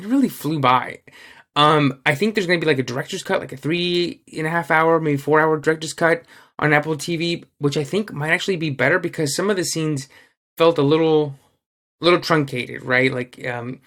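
A man's voice: fairly high pitch, fairly bright tone. A man co-hosting a podcast in casual chat, rambling with many fillers and restarts, and swearing freely. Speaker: podcast co-host.

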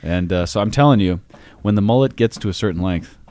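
A man's voice: lowish voice, quick pace, a little mellow, no room sound. A man co-hosting a casual chat, telling stories in a teasing way. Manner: storytelling, teasing. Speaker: podcast co-host.

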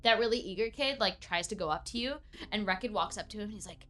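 A woman's voice: mid-range voice, quick pace, sharp tone. A woman narrating a tabletop game as game master, playful and laughing often.

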